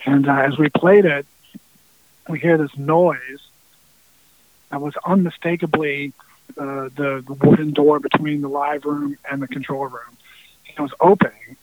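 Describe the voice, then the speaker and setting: A man's voice: a little high, fairly even intonation, a little slow, no room sound. A man, a musician, telling a long story in a casual interview, rambling with restarts and now and then swearing. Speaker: musician guest. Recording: tinny phone-like sound.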